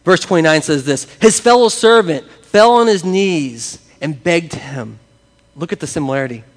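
A man preaching a sermon, lively and conversational, talking with his congregation. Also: a little high, moderate pace, long reverb tail. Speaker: pastor. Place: church sanctuary with congregation.

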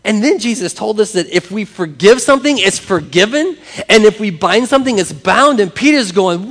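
Man, pastor, higher voice, animated sermon, acts out quoted voices, long hall reverb. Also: normal speed, few pauses.

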